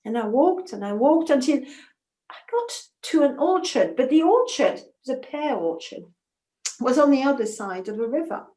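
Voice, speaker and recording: A woman's voice: high-pitched, animated, normal speed, mellow, reverberant. A woman storyteller telling a folktale in the first person, intimate and emotional, with asides to her listeners.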